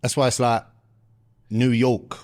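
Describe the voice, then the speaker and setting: A man's voice: medium pitch, level tone, slow, darkish tone, dry recording, clean studio sound. A man co-hosting a podcast, laddish and confident, calling everyone mate. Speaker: podcast co-host. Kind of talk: casual chat.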